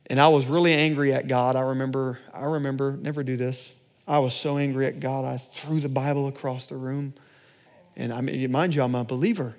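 A man giving a personal sermon testimony in church, storytelling with big swings between loud and hushed delivery. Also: medium pitch, steady tone, brisk. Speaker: pastor.

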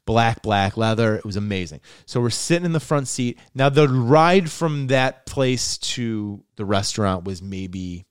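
A young adult man from Buffalo, New York, a comedian guest telling a wild story in casual chat, animated and swearing. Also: lowish voice, a little slow, few pauses, smooth, no room sound, studio quality. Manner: animated, swearing, gets loud and laughs as the story builds.

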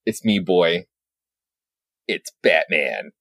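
A man voicing Batman, a grim, brooding superhero, in a slow, hushed monologue. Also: deep voice, lively intonation, no echo, studio quality, pitched below the performer's own voice, exaggerated voice. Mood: solemn. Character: brooding grim male superhero, gravelly and solemn.

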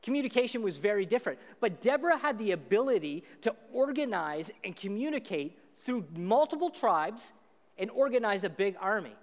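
A man pastor preaching a sermon, casual and animated as he retells a story. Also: high-pitched, brisk. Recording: echoey hall reverb.

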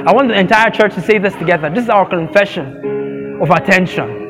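A male pastor leading a church in prayer and an altar call, moving from slow, prayerful phrases to fervent declarations. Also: sits high. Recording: church with live music behind. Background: music.

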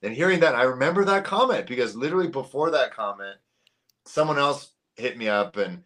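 A man from Canada in his thirties, a guest on a podcast, telling stories in a lively, animated way and acting out the people he quotes. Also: medium pitch, a little fast. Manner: animated storyteller, acts out quoted voices. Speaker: podcast guest, sports YouTuber. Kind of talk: casual chat.

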